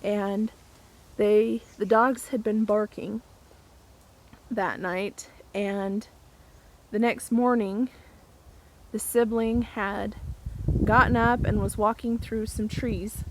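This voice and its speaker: A woman's voice: medium pitch, fairly even intonation, takes it slowly, long pauses, slight background noise, rough recording. A woman vlogger casually telling a funny story to the camera, outdoors in her garden, chatty and laughing as she goes.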